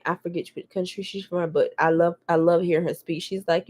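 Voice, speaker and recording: A woman vlogging at home, telling stories in a candid, profane, lively way. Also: on the low side, moderate pace, hardly any pauses. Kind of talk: casual chat to camera.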